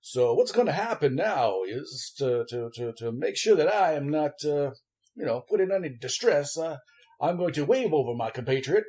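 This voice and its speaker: A man playing a wordy, evasive Southern gentleman lawyer, flowery and polite, halting with many restarts. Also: on the high side, big pitch swings. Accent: American Southern. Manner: florid, overly polite.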